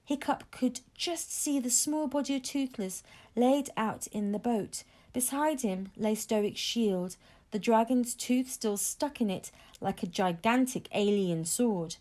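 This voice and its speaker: A woman reads a children's book aloud, shaping each sentence with expressive, unhurried care. Her voice sits a little higher than most. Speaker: storyteller.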